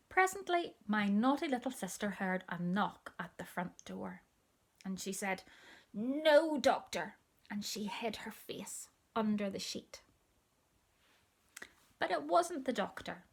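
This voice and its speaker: Gentle woman reading a children's story. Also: mid-range voice, creaky.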